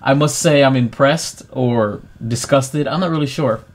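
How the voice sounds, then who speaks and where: A man's voice: medium pitch, a little slow. Man, podcast host, casual chat, laid-back, lots of ums and uhs. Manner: laid-back, many fillers.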